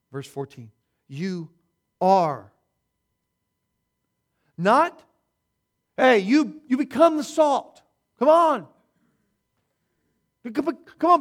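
A man preaching a sermon as a pastor, stressing and repeating key words and swinging his loudness for emphasis. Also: high-pitched.

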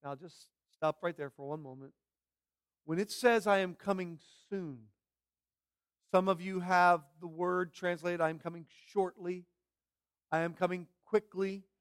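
Emphatic high-voiced male preacher. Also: fairly even intonation, unhurried, clear, resonant tone, no echo, studio quality. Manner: emphatic preaching, repeats key phrases. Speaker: pastor. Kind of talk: sermon.

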